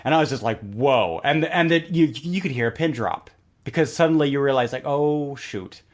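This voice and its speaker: A man's voice: a little high, quick pace. A man talking as a podcast guest, telling stories animatedly with lots of fillers. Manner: animated storyteller, voices quoted characters, many fillers. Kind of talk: casual podcast chat.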